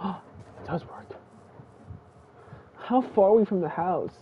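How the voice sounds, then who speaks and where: A young man giving casual live commentary while playing a game, excitable and swinging between muttering and squealing. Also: high voice, slow pace. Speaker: gaming streamer. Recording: tinny phone-like stream audio, faint noise.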